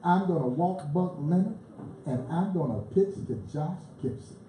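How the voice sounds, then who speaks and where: A boastful, showboating ballplayer with a drawl, as a man puts him on while telling a story. The voice sits a little high and mellow. It rings out in an echoey live venue with a faint hum behind it. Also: lively intonation, normal speed. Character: cocky, showboating veteran ballplayer, a grown man.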